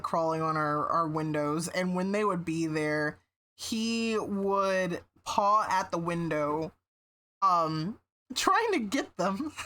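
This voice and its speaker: A woman's voice: low-pitched, sharp tone. A woman streamer in casual livestream chat, meandering with many fillers and restarts, swearing now and then.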